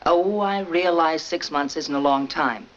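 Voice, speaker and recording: A woman's voice: low voice, unhurried, a little hiss or hum. An actress playing a sensible, wry wife and mother in a 1940s film. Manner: dry, wry, patient. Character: sensible wry housewife, adult. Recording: dull old film soundtrack with music.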